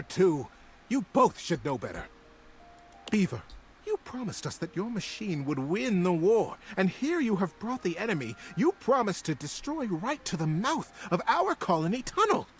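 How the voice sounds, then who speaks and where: A man's voice: high-pitched, voice pushed up. A man voicing a stern older female beaver elder in a storybook reading, with a trilling, scolding manner.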